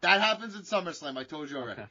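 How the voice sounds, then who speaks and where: A man's voice: fairly high pitch, expressive, very fast, bright, forceful tone, slightly rough. A man co-hosting a wrestling podcast, telling a rambling, profane story in casual chat. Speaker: podcast co-host. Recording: dull lo-fi sound.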